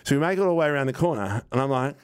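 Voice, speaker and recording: A man, telling a casual, animated anecdote on a podcast, acting out what people said and swearing now and then. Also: mid-range voice, racing, clear, resonant tone. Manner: animated, rambling anecdote with acted-out quotes and swearing. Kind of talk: casual storytelling chat.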